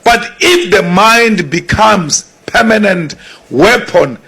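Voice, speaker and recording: A South African man gives a political speech in a husky, fairly high voice. He speaks slowly and forcefully, hammering points home by repeating them. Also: expressive. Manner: forceful, repeats lines for emphasis.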